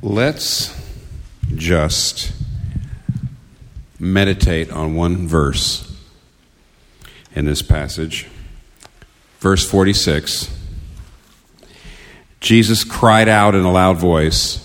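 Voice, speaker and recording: A man's voice: sits low, slow pace, long pauses, fairly bright tone. A man preaching a sermon earnestly, pressing his points with emphatic questions and sudden bursts of intensity. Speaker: pastor. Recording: long hall reverb.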